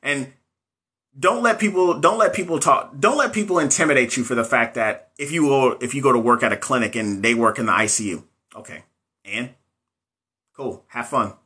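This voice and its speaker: Bright-voiced man coaching on a live stream. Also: medium pitch, normal speed, breathy edge. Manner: motivational, talks straight to viewers, reads out comments. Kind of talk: casual live-stream chat.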